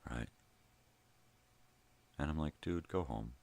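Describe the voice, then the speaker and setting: A man's voice: rumbling low, slow pace, darkish tone, slight background noise. An older man hosting his own vlog, telling a heated, profanity-filled story in a casual ranting monologue. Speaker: vlog host. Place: home.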